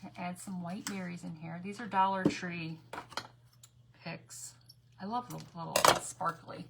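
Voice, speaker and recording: A woman's voice: on the low side, steady tone, a little slow, creaky, heavy background noise. Chatty woman hosting a craft livestream. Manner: chatty and rambling, reads out viewer comments while working; frequent self-corrections and repeated phrases. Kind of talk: casual craft livestream chat.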